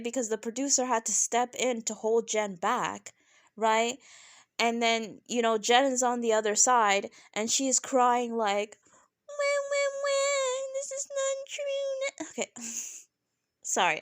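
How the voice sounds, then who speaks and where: A woman recapping a reality show in a fairly high voice, chatty and opinionated, punctuating her points with "right?". Her talk is lively and laughing. The sound is dry and close, with no room around it. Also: no echo. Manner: animated, keeps asking "right?"; laughs often, mimics people in high voices. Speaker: reality TV reviewer.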